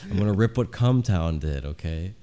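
A man's voice: sits low, animated, a little slow, dark tone. A man co-hosting a comedy podcast, chatting casually and rambling with lots of fillers. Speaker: podcast co-host.

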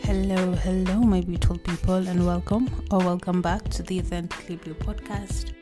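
A woman's voice: fairly low pitch, little pitch movement, normal speed, music in the background. A young woman hosting her own podcast in a casual, rambling way, often stopping to rephrase herself, recorded indoors at a relative's house. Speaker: podcast host. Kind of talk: casual solo podcast chat.

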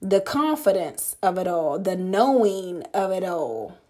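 A woman hosting a podcast, giving a blunt, profane motivational monologue with emphatic, drawn-out words. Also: medium pitch, very animated, darkish tone. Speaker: podcast host.

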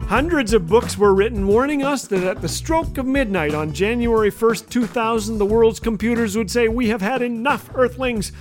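A man from Canada hosting a radio show, telling a humorous story in a wry, deadpan way. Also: sits high, normal speed, few pauses, faint music behind. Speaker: radio host. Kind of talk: scripted humorous radio commentary.

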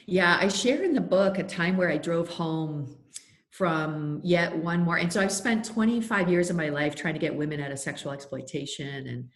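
A middle-aged woman speaking as a podcast guest, earnest and heartfelt, telling stories with plenty of "like" and "you know". Her voice sits a little low, and it rings with a noticeable roomy echo. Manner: earnest, heartfelt, with many fillers. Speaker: guest, faith leader and anti-trafficking advocate. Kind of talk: podcast interview, storytelling.

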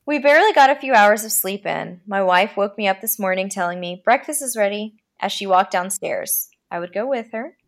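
Reading a horror tale on her podcast, a woman speaks at medium pitch and takes a dramatic approach, slowing her pace for the spooky parts.

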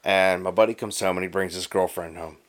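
A man's voice: sits low, steady tone, fairly quick. A man telling a long rambling story in casual chat, profane, with frequent "right?" tags.

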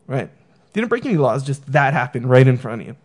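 A man talking through a relaxed conversation, full of "you know" and "like," wandering from point to point. His pitch sits in the everyday middle range, and he slips into quick voices for the people he quotes. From San Diego area. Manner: rambling, many fillers, acts out quoted people. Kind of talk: casual conversation.

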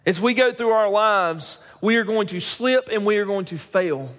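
A young male pastor delivers a sermon with a high voice. He tells a story, then presses his points with rising emphasis. The sound carries a long reverb from the church sanctuary around him. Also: lively intonation, normal speed, a bit bright. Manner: storytelling, builds to emphatic preaching.

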